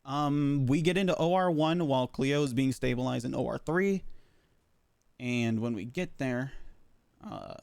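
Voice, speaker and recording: A man playing a medic in a roleplay game, recounting events in character, pausing often with fillers as he talks. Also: mid-range voice, vocal fry, a little mellow, clean tone, no echo. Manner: halting, filler-heavy recounting. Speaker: roleplay medic giving a statement.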